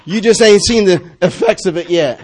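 High-voiced, animated preacher man. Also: normal speed, a little hiss or hum. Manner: animated, laughing, swinging from loud to hushed. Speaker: pastor. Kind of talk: lively sermon.

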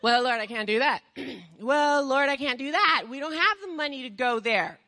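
Impassioned high-voiced woman preaching. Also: lively intonation, normal speed, big-room sound. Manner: impassioned, rhetorical questions, swings from hushed to shouting. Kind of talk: sermon.

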